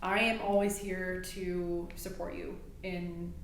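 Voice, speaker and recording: A woman's voice: on the low side, level tone, takes it slowly, slight background noise. A woman chiropractor co-hosting a podcast, talking with passion and emphasis in casual conversation. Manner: passionate, emphatic, gets fired up. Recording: echoey room with faint ambience.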